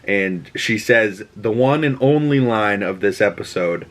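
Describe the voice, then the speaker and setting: Boston guy with a lowish voice rambling thru a tv recap on his podcast, does little voices for the characters. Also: measured pace, few pauses. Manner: rambling, animated, quotes characters in put-on voices. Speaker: podcast host. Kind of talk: casual TV episode recap.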